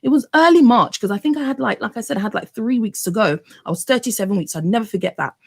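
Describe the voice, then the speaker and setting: A woman in her thirties telling her own birth story to camera, animated, often repeating words and addressing viewers directly. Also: on the high side, quick pace, vocal fry, husky. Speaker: vlogger.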